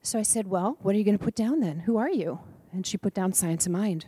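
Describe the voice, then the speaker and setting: A woman's voice: medium pitch, brisk, slightly rough, no room sound. A middle-aged woman telling stories in a talk at a spiritual center, acting out the voices of the people she quotes. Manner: animated storyteller, acts out the people she quotes. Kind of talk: storytelling talk. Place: church hall.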